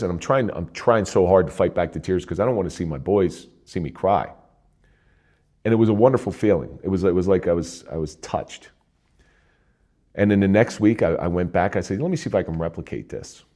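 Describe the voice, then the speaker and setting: Retired cop guy from jersey, middle-aged, deep low voice, earnest storytelling. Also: dark tone. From New Jersey. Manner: earnest, conversational, with frequent restarts and emotional pitch swings. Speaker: interview guest, retired police officer. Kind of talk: candid personal storytelling.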